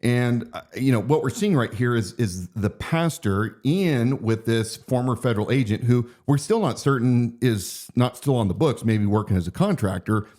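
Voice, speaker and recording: A man's voice: medium pitch, lively intonation, normal speed, hardly any pauses, a little mellow. A man co-hosting a political podcast, talking earnestly and reading quotes aloud. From United States. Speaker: podcast co-host. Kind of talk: casual political podcast talk.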